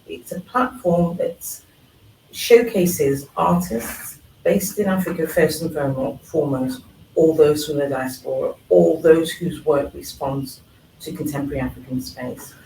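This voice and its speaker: A man's voice: a little high, creaky, darkish tone, reverberant, far from the mic, slight background noise, poor audio. A man from England speaking thoughtfully on a live panel at a forum, with frequent fillers. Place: event hall at a live forum.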